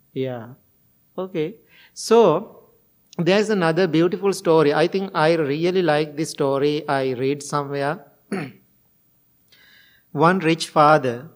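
Brief: male teacher, slow, unhurried delivery, slightly high voice, plain non-fluent English, storytelling sermon.

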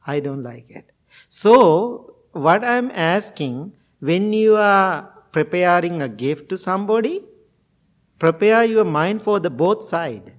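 A man giving a gentle, sermon-like talk, telling a moral story in simple, non-fluent English. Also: high voice, animated, slow pace.

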